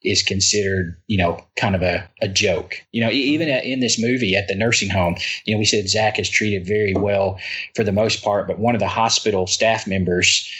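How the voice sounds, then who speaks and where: A man's voice: lowish voice, steady tone, a bit bright, slightly rough. A middle-aged man talking earnestly as a podcast guest, often stopping and restarting his sentences. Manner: earnest, halting, full of restarts. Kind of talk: casual chat.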